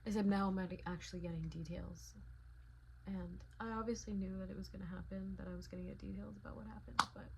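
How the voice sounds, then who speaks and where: A young woman in her twenties chatting casually in a reading vlog, emotional, often dropping into a hushed whisper. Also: mid-range voice, fast talker, a little hiss or hum. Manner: emotional, swings between hushed whispers and excited outbursts. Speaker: book vlogger.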